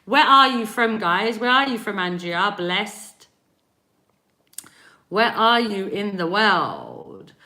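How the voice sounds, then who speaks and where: A woman's voice: medium pitch, big pitch swings, slow, pushed and bright. A woman from East London with an East London accent, chatting on a live stream as a spiritual reader, rambling and laughing as she greets viewers by name. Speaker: spiritual reader and energy healer. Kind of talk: live-stream chat answering viewer comments.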